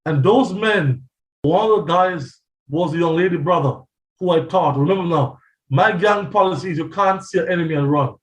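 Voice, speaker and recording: A man's voice: fairly high pitch, moderate pace. A man preaching a testimony sermon as a pastor, telling his story dramatically and acting out the voices he quotes. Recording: echoey, from a distance.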